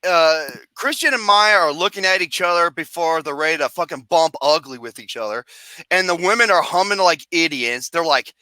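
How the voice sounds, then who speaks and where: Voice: medium pitch, lively intonation, normal speed, sharp tone, no room sound. A film reviewer ranting profanely and acting out scenes with mock wails and singing.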